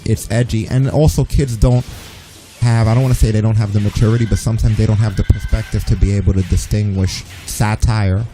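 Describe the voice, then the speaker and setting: A man's voice: lowish voice, steady tone, fairly quick, mellow, soft background music, poor audio. A man with a New York accent, a streamer talking bluntly and profanely in a casual gaming chat, often mocking people in put-on voices. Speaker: streamer and co-host.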